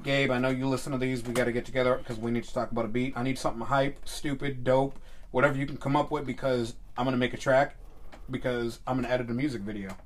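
A man's voice: mid-range voice, steady tone, a little hiss or hum. A man hosting a podcast, joking around and plugging friends with profane, hyped chatter. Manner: profane, joking, hyped, fast run-on plugs. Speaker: podcast host. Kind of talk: casual podcast banter.

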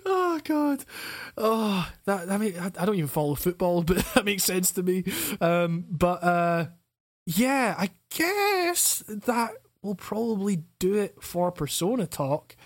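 A man's voice: high-pitched, big pitch swings, a little slow. A man hosting a casual podcast chat, swearing and restarting his sentences. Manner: swearing, stammering restarts, laughing often. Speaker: podcast host.

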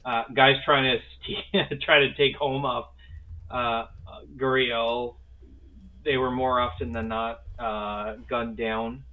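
A man's voice: medium pitch, flat delivery, slow pace. A man co-hosting a casual sports podcast, talking in an enthusiastic, rambling way with casual swearing. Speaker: podcast co-host. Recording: phone-like narrow sound.

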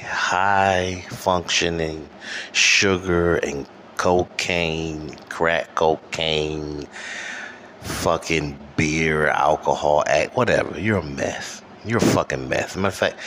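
A man from Detroit holds forth alone on his podcast in a very low voice, taking his time over every word. His rant is profane and rambling, punctuated by "okay?", and recorded at home with an air conditioner humming faintly behind him. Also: fairly bright tone. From Detroit, USA. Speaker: podcast host. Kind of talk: solo ranting monologue. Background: faint air conditioner hum.

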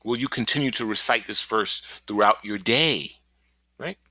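A male pastor giving an encouraging podcast sermon, energetic and often checking in with "right?". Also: on the low side, moderate pace, dry recording. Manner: energetic, keeps asking "right?".

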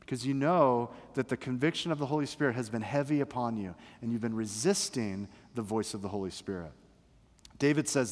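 A man's voice: mid-range voice, a little fast. A man preaching a sermon as pastor, chatting with his congregation and reading scripture dramatically. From Florida, United States. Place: church sanctuary. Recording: long hall reverb in a church.

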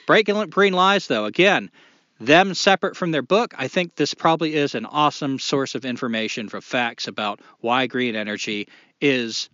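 A man's voice: mid-range voice, sharp tone, no echo, lo-fi sound. A man co-hosting a podcast in casual chat, blunt and opinionated, swearing freely. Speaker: podcast co-host.

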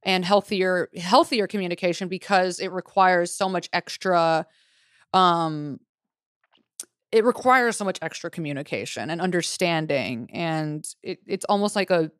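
A woman's voice: on the low side, a little slow, fairly bright tone, dry recording, studio quality. A woman co-hosting a podcast, chatting loosely and profanely and reading out listener letters. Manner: loose, profane, laughing often. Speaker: podcast co-host.

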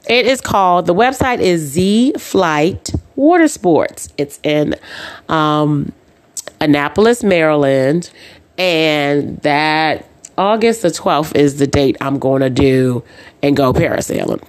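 Low-voiced woman chatting on her podcast. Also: expressive, slow pace. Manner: chatty storyteller who acts out dialogue; says "um" and "uh" often. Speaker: podcast host. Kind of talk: casual chat.

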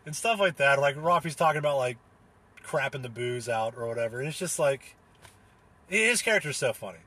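A man's voice: medium pitch, lively intonation, brisk, sharp tone, breathy edge. A young man chatting casually, rambling with lots of fillers and restarts, laughing and swearing as he recounts things. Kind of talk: casual solo chat recounting a comedy show.

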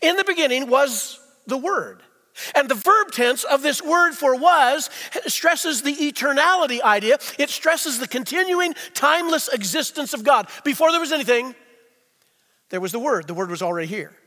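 A male pastor delivers a sermon in a very high, bright voice. He leans on rhetorical questions and stretches out key phrases, dropping to near-silence and then rising again. The sound carries a long reverb from the church hall. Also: expressive. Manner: rhetorical questions, slows for emphasis, swings between quiet and loud. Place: church sanctuary.

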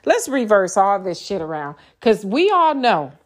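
Woman, grown kids and grandkids, podcaster, angry profane ranting, blunt, middle pitch. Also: big pitch swings, a little slow. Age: older. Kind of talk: impassioned monologue.

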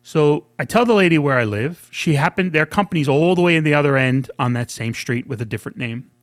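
A man's voice: on the high side, expressive, brisk, no echo, clean studio sound. A man from New York telling a story in casual chat. He acts out the people he quotes and laughs often. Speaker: podcast co-host.

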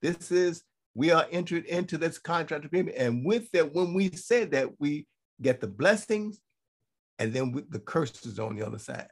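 Gravelly-voiced man teaching scripture. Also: a little high, animated, moderate pace. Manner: repeats points for emphasis, checks in with "okay?". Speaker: teacher of a congregation. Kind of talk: Bible teaching sermon.

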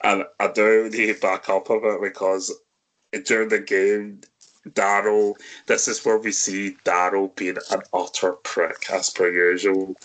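A man hosting a casual film review chat, often breaking into high giggles. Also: little pitch movement, measured pace, fairly bright tone. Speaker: podcast host.

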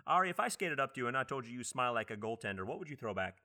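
Brash male comedy-podcast host, bright voice, rapid delivery, ribbing his guests. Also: medium pitch, sing-song. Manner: jokey, brash, roasting his co-hosts.

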